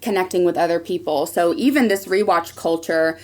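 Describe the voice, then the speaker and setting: A woman in her twenties co-hosting a podcast in casual chat, animated and swearing, acting out her own past thoughts in a high voice. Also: a little fast. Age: 20s. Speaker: podcast co-host.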